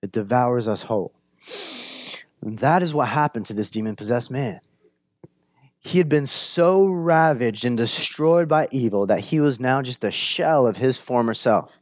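A male pastor delivers a sermon in a conversational, animated way, often checking in with "right?". He rises to emphatic bursts and drops to hushed lines. His middle-pitched voice is recorded close and dry. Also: unhurried, no room sound. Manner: animated, builds up to emphatic high-energy retelling, drops to hushed low lines.

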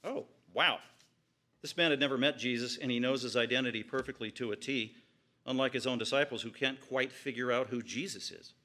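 Preacher man with a dramatic, bright voice. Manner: dramatic, swings from low murmurs to sudden high exclamations; retells scripture vividly, piling up repeated phrases. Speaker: pastor. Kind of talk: expository sermon.

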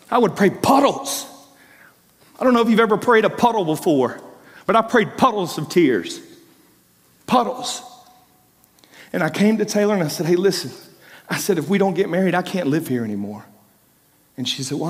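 A man giving a sermon testimony, telling his story emphatically with repeated phrases, rising to loud bursts and dropping to hushed, low passages. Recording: long reverb of a large hall.

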